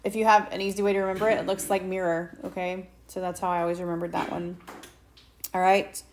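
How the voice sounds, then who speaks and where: A woman teacher, slowly and patiently walking students through a Spanish lesson and asking them questions. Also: lowish voice, level tone. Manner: slow patient explaining, asks students questions. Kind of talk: recorded whiteboard lesson. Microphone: tablet mic.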